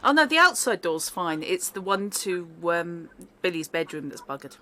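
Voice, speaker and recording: A woman's voice: on the low side, very animated, normal speed, sharp tone. A woman running a tabletop horror game as game master, chatty and informal, laughing often, over a video call.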